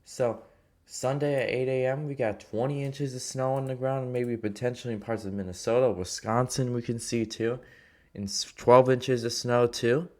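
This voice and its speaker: A man's voice: mid-range voice, fairly even intonation, moderate pace. A man casually talking through weather forecast maps, rambling with many fillers and restarts. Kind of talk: casual weather map walkthrough.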